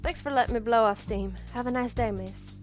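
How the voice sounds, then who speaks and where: A woman voicing a young, angry male taxi driver with a put-on Southern US accent, gruff and slangy, over background music. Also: fairly high pitch, brisk, close to an everyday voice. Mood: friendly.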